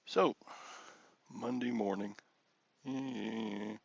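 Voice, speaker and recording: A man's voice: lowish voice, slow pace, vocal fry, slightly rough, dry recording, highs cut off. A man hosting a casual solo livestream, rambling and self-deprecating as he greets viewers by name. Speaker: livestream host.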